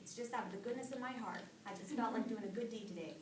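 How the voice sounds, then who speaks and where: A woman's voice: fairly high pitch, fast talker, darkish tone, echoey room, distant mic, slight background noise, natural voice, rough recording. A woman voicing a sly male buzzard who talks sweetly to lure his prey. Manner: falsely friendly, wheedling.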